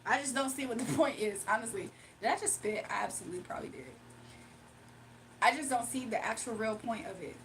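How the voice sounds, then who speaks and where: A woman chatting casually with her viewers on a livestream, animated and laughing often. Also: fairly high pitch, fairly quick, slight background noise.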